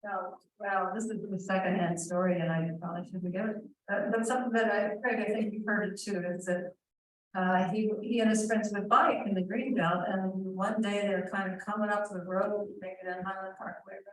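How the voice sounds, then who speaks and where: A woman moderates a panel, talking in a loose, conversational way. She sounds set back from the microphone, and the room adds a clear echo. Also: medium pitch, steady tone, fairly quick, slight background noise. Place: museum event room. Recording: roomy echo, distant mic.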